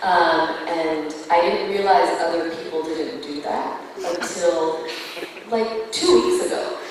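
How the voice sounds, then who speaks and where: A woman's voice: on the low side, takes it slowly, background noise. A woman voice actor chatting in a giggly way on a convention panel, full of fillers. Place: convention hall. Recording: echoey hall from far off.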